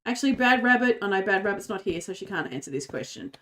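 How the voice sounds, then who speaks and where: A woman's voice: medium pitch, animated, fast, a bit bright. A woman streamer chatting casually while she plays a game, giggling and rambling. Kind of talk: casual gaming chat.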